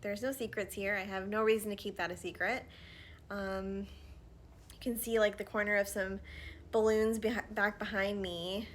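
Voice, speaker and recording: A woman in her thirties talking casually to camera while doing her makeup at home, chatty with frequent fillers and soft murmured asides, a little out of breath. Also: mid-range voice, steady tone, normal speed, slight background noise. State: slightly out of breath from pregnancy. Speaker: vlogger. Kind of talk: casual get-ready-with-me chat. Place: at home, indoors.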